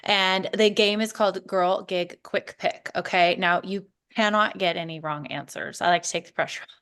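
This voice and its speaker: A woman co-hosting a podcast in casual chat, playful and teasing, quick to laugh. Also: lowish voice, fairly even intonation, a bit bright, smooth. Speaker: podcast co-host.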